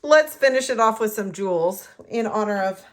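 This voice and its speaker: A woman's voice: medium pitch, animated, normal speed. A middle-aged woman, chatting her way through a card-making tutorial and talking to herself as she works. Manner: chatty, rambling, talks to herself while working. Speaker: craft demonstrator.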